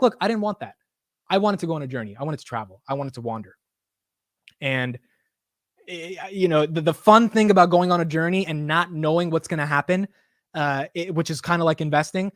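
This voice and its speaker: Excitable man with a dry close sound. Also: fairly high pitch, no echo. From United States. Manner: emotional, rambling, swears, repeats himself. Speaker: livestream host. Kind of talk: casual livestream talk.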